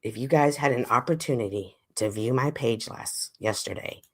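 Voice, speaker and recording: A woman hosting a casual livestream, reading chat comments aloud, a little stuffy, with a lively way of talking that swings from loud exclaims to murmurs. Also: rumbling low, normal speed, husky. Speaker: livestream host.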